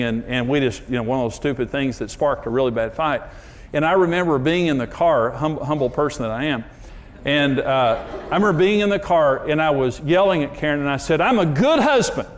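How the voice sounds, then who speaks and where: A man preaching on marriage, telling candid, self-mocking stories and leaning hard on his punchlines. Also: a little high. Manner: candid, self-deprecating storytelling; emphatic, building up to punchlines. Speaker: marriage speaker. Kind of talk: preaching talk with personal stories.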